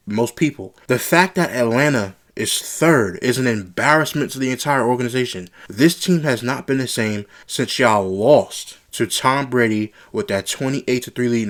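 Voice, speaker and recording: Young male sports commentator, solo reaction, blunt exasperated rant, mid-range voice. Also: medium pitch.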